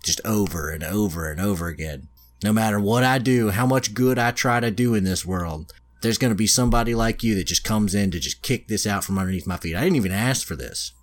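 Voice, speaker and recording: A man's voice: fairly low pitch, brisk, natural voice. A man voicing a young male shield hero from an anime retelling, ranting in an aggrieved tone close to his own voice. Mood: bitter rant.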